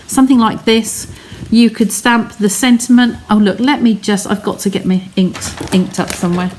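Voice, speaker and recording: A woman's voice: mid-range voice, fairly even intonation, normal speed, darkish tone, slight background noise. Chatty woman demonstrating card crafts. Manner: chatty, explains step by step, talks to viewers. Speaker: craft live-stream host. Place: home craft studio.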